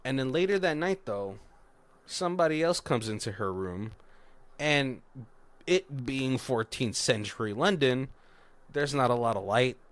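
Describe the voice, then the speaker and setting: A man recaps a movie in a loose, rambling way, laughing between his sentences. His voice sits at an ordinary middle pitch. The recording is dry, close and without room sound. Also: lively intonation, a little slow, no room sound. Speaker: podcast co-host.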